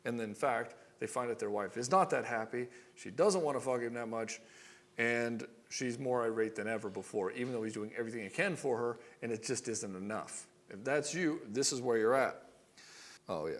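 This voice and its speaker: A blunt, middle-aged male relationship coach talks straight to the listener in a casual monologue, swearing freely and slipping into the voices of quoted arguments. His pitch sits in the ordinary male middle.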